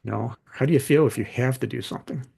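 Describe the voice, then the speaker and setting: A middle-aged man, a podcast guest and author, talking in a relaxed, conversational way and acting out the voices in his anecdotes. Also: medium pitch, fast talker, vocal fry, breathy edge. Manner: animated anecdotes, acts out quoted dialogue. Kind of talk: conversational storytelling.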